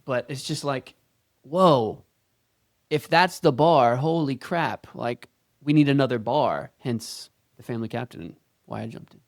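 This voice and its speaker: A man co-hosting a podcast talks in an earnest, casual way, with frequent "dude"s. His voice is of medium pitch, recorded dry and close. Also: expressive, measured pace, dry recording. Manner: earnest, calls everyone dude. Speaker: podcast co-host.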